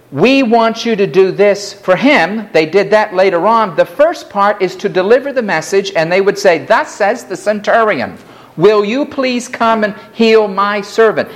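Animated high-voiced male preacher. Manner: dramatic, emphatic storytelling with rising outbursts. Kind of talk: sermon.

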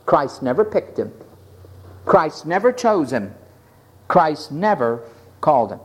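A male preacher delivers a sermon with dramatic energy. His pitch swings widely from low to high, and he acts out each scene as he goes. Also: sing-song, slow, slightly rough.

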